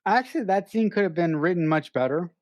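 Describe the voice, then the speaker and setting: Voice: mid-range voice, animated, a little fast, darkish tone, dry recording, dull audio. A podcast co-host in casual film review chat, earnest and teasing, often restarting sentences.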